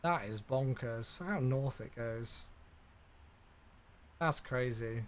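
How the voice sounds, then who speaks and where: A flight sim streamer, a young man, talks casually on a live stream while flying, reacting out loud and answering viewers. His voice sits at a medium pitch and he takes his time.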